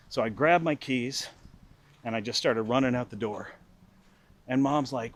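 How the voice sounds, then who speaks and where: A middle-aged man telling a comic personal anecdote in an animated, mock-furious way. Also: mid-range voice, moderate pace, no echo. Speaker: storyteller. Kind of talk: casual anecdote storytelling.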